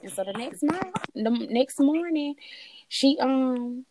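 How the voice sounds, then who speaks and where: A woman's voice: a little slow, noisy background. A woman, telling a personal story in casual chat and acting out the quoted voices. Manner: animated, acts out quoted voices with big pitch jumps.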